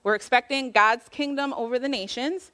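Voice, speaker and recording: Woman preacher, casual sermon, chatty and slangy, voices her quotes, slightly high voice. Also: moderate pace, pushed and bright. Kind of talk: casual sermon retelling a Bible story.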